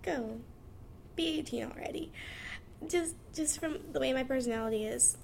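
A woman's voice: sits high, moderate pace, vocal fry, darkish tone, slight background noise. A nineteen-year-old woman, talking frankly and chattily about her life, laughing as she goes. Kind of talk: candid personal monologue.

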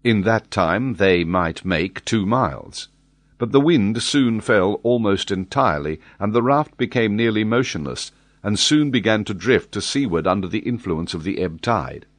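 A man narrating an audiobook in an expressive, varied reading voice. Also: fairly low pitch, moderate pace, no echo, studio quality.

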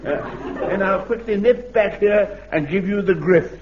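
An actor playing a frail, very old private, gentle and eager, in a radio sitcom. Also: male voice, sits high, moderate pace, close to an everyday voice. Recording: muffled old radio recording with loud hiss.

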